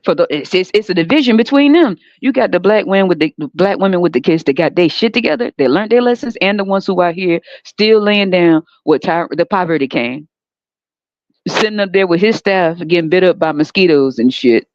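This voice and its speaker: A woman's voice: on the low side, expressive, a little fast, darkish tone. Brief: American woman podcaster, blunt and emphatic, swears freely, muffled lo-fi sound with no room echo. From United States. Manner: profane, emphatic ranting with frequent rhetorical questions. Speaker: podcast host. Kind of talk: unscripted monologue. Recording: dull, dry lo-fi recording.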